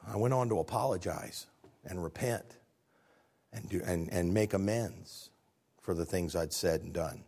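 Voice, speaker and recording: A man preaching a sermon, earnest and animated, asking the congregation questions. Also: sits low, a little slow, husky.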